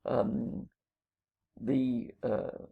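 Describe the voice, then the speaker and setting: A man, a college English instructor, explaining literary terms in a lecture, pausing often with ums and uhs. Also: mid-range voice, little pitch movement, gravelly, narrow, tinny audio.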